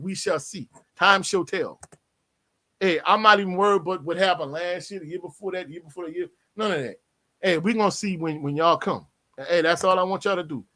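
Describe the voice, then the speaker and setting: Guy hosting a sports stream, kinda high voice, brash and lively, reading off the chat. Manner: animated, brash trash talk, laughs often. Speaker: sports show host reading live chat. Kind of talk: casual livestream chat.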